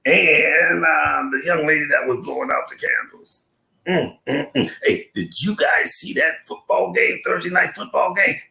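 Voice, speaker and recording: An older man hosting a live stream, chatting in slang, telling a comic story and giving shout-outs to his viewers. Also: on the high side, a little slow, creaky, reverberant. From Buffalo, New York.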